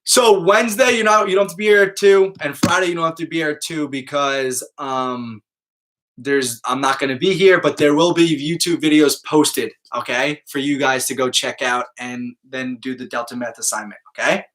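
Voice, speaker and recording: A man's voice: a little high, steady tone, moderate pace, fairly bright tone. A man, a math teacher, talking casually and upbeat to his students in a live online class, checking in with them often.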